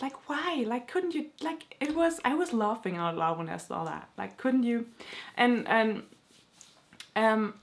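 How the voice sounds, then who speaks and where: A young woman vlogger in casual chat, rambling excitedly and using many filler words. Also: a little high. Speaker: book vlogger.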